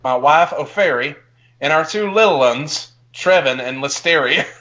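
A man's voice: on the high side, very animated, normal speed, pushed and bright, poor audio. A man putting on a folksy rustic farmer. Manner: thick folksy dialect, broken grammar. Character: rustic male farmer writing a diary. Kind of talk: comedic dramatic reading.

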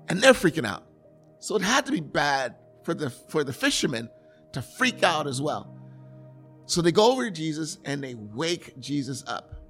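A man's voice: a little high, a bit bright. A man preaching a sermon, retelling a scripture story with earnest, vivid storytelling and acting out the scene. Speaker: pastor.

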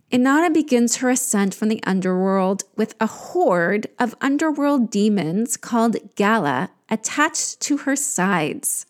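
A woman narrating an ancient myth in a deliberate, scripted reading. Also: on the high side, lively intonation. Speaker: storyteller.

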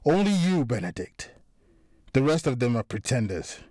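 A man voicing a furious middle-aged crime boss, talking loud and sarcastic as he accuses his crew. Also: medium pitch, very animated, moderate pace, no echo, clean studio sound. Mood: angry. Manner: angry, raised and sarcastic.

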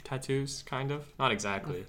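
A man's voice: mid-range voice, normal speed, sharp tone. A man in a casual podcast chat, easygoing and hedging his opinions. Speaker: podcast co-host.

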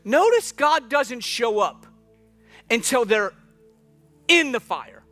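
A man preaching a sermon in an emphatic, conversational way, drawing out phrases and dropping to a hush. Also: very high-pitched, expressive, takes it slowly, soft background music.

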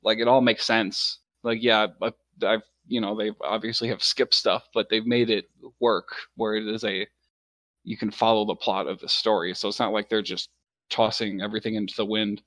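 Young guy, lowish voice, chill anime chat, lots of likes and ums, dry sound. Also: normal speed, dry recording. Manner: relaxed, filler-heavy, laughs easily. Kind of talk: casual chat about anime.

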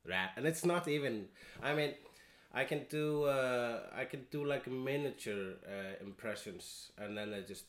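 A comedian chats casually on a podcast. His voice sits at an ordinary pitch for a man. He halts, restarts and hunts for words as he goes. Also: animated, a bit bright, roomy sound. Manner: hesitant, halting, many restarts. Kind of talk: casual chat.

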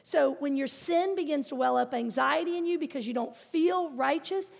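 A woman's voice: high-pitched, normal speed, gravelly. A middle-aged woman preaching a sermon, earnest and encouraging, with playful asides. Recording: long reverb of a large hall.

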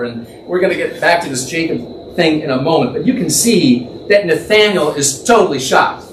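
A man leads an informal Bible teaching, thinking out loud and imagining the scene as he goes. His voice sits high, and he often stops to correct himself. The recording is roomy and echoey, with the mic set well back and a faint hiss underneath. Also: lively intonation, normal speed. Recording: echoey room, distant mic, faint background noise.

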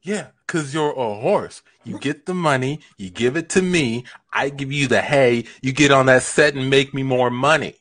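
A man's voice: mid-range voice, moderate pace, few pauses, fairly bright tone. A man doing an improv comedy scene on a livestream. He sounds exasperated and laughs often. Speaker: improv performer and stream host.

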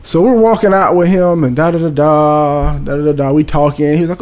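A man, telling a story in casual chat, animated and profane, acting out voices and sounds. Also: a little high, a little fast, hardly any pauses.

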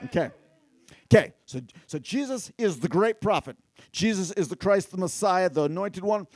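A man preaching a sermon, animated and talking straight to his listeners, at times rising to near-shouts. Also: high-pitched, moderate pace, no room sound. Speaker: pastor.

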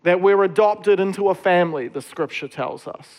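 Man, pastor, sermon, high-pitched, conversational, filler-heavy. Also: normal speed, darkish tone. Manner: casual, conversational preaching with many fillers.

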